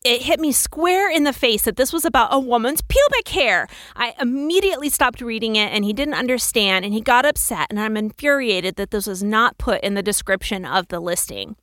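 A woman's voice: fairly high pitch, expressive, fairly quick, few pauses, a bit bright, no echo, clean studio sound. A woman co-hosting a casual podcast, talking frankly and with exasperation, reading reviews aloud. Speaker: podcast co-host.

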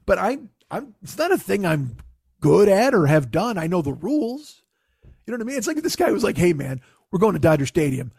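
A man's voice: sits high, sing-song, fairly quick, gravelly, darkish tone, slightly rough, dry recording, studio quality. A man telling a casual, profane story in his own voice. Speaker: podcast host telling a story.

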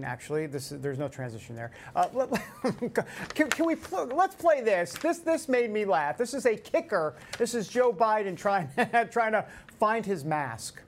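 Animated joking man hosting a talk show. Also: high voice. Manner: animated, joking, laughs at himself. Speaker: show host. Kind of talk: casual talk-show monologue. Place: studio. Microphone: camera-facing studio mic.

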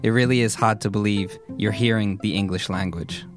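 A man narrating a scripted segment in an earnest, measured way. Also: on the low side, steady tone, over music.

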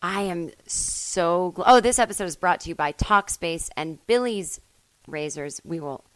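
A woman's voice: lowish voice, moderate pace, dry recording, poor audio. Rambling self-mocking woman podcast host. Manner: rambling, self-mocking, swings into loud bursts. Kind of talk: comedic solo monologue. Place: at home.

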